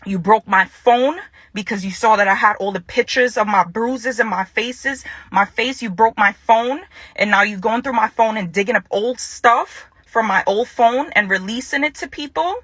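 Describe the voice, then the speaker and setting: A woman's voice: on the high side, moderate pace, fairly bright tone, husky, no echo. A young woman angrily confronting someone in an unscripted video statement, repeating lines for emphasis. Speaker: vlogger making a public statement. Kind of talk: unscripted direct-to-camera statement.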